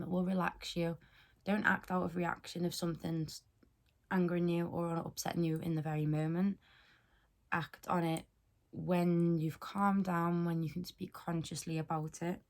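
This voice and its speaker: A woman's voice: fairly low pitch, creaky, darkish tone. A young woman talking casually to camera, giving frank, earnest advice and encouragement and swearing now and then. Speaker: wellness vlogger.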